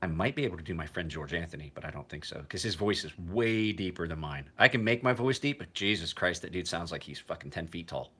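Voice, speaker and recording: A man's voice: low voice, expressive, fast, few pauses, bright, forceful tone, slightly rough. A man in his forties, a knife maker, chatting casually on a livestream in a rambling, profane way. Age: 40s. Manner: rambling and profane, with frequent restarts.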